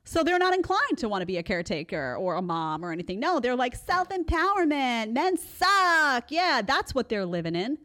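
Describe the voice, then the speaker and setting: A woman in her forties hosts a live show with a lively, swooping delivery. She talks back to clips with sarcasm and often slips into mocking voices. Her pitch sits mid-range for a woman. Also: fast talker, few pauses. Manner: sarcastic, animated, mocks others in put-on voices. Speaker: host.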